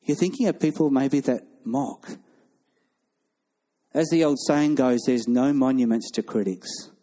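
A male pastor preaching a sermon, animated and acting out the voices of people in his stories. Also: medium pitch, measured pace.

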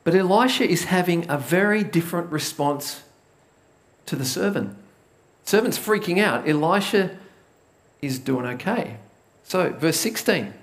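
A man preaching a conversational sermon, retelling a Bible story with lively storytelling and asking the congregation direct questions. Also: sits high, measured pace. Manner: lively storytelling, acts out the biblical characters' panic. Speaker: pastor.

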